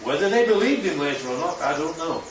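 A man's voice: a little high, lively intonation, fast talker, a little hiss or hum. Man teaching Bible class, roomy and distant. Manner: chatty, checks in with listeners often. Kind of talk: informal Bible teaching with slides. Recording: roomy, distant, muffled hall recording.

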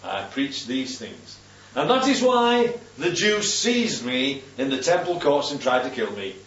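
Man reading as an earnest apostle pleading his case, lively pitch, heard from a distance. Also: unhurried. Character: male apostle on trial, earnest and respectful. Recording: distant, roomy, dull recording.

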